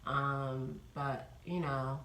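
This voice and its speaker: A woman's voice: extremely low pitch, steady tone, very slow, a bit bright, reverberant, a little hiss or hum, poor audio. A woman in her fifties from New York, chatting casually in a rambling vlog update with many ums. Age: 50s. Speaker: vlogger.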